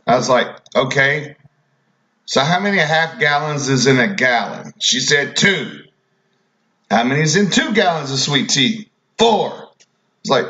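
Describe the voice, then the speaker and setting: Male radio host, mid pitch, blunt and profane, casual rambling delivery, dull lo-fi audio. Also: normal speed, fairly bright tone, roomy sound. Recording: dull lo-fi recording.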